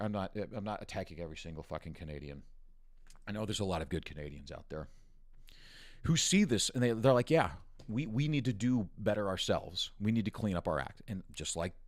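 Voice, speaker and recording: Guy from the us ranting on his stream, low voice, swears nonstop, dry sound. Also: no room sound. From United States. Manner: angry, profane, mocking rant. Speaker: news commentary host. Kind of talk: ranting political commentary stream.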